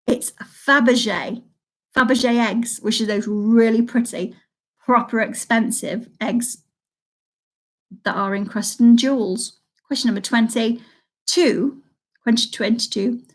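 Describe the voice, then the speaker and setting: A chatty woman hosts a live online pub quiz from home, reading each question and answer twice. Her voice sits a little high, and she stops often to comment on players' scores. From United Kingdom. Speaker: quiz host. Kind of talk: casual live quiz hosting.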